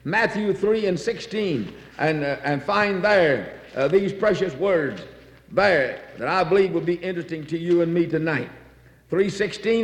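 In a church, a fervent, animated preacher with a high voice gives a sermon at a slightly slow pace, repeating phrases and reading scripture aloud. The large hall echoes, leaving a long tail on his words.

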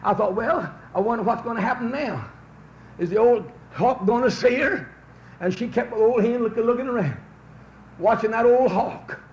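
A man preaching a revival sermon, telling folksy stories that build into fervent shouts. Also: very high voice, moderate pace. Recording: roomy, dull old recording with faint hiss.

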